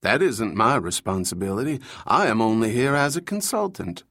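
A man's voice: lowish voice, expressive, moderate pace, a bit bright, dry recording, studio quality. A man voicing a portly, dismissive male professor in a pinched, nasal voice for an audiobook.

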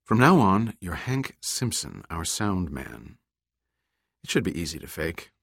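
Wry woman TV journalist read by a man, low and dry, audiobook. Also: very animated, measured pace, gravelly, fairly bright tone, slightly rough, no echo, heavily acted.

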